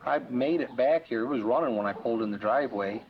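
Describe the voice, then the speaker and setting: A man's voice: medium pitch, fast talker. A man being questioned by police, talking defensively and wryly, sidestepping the questions. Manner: defensive, wry, evasive. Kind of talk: police interview. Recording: dull archival footage with faint noise.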